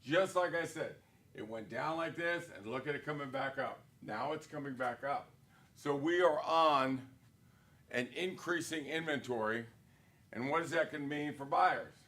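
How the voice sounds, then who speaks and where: A man's voice: fairly high pitch, normal speed, pushed and bright. Emphatic man coaching real estate agents. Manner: emphatic, punchy, full of rhetorical questions. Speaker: brokerage leader training real estate agents. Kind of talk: live sales training talk. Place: corporate studio.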